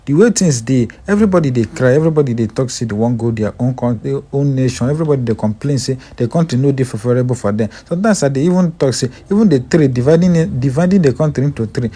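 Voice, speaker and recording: A man's voice: mid-range voice, lively intonation, fast talker, hardly any pauses, warm tone, breathy edge. A man with a Nigerian Pidgin accent who hosts the channel, giving casual, pleading commentary. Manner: pleading, conversational. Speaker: channel host.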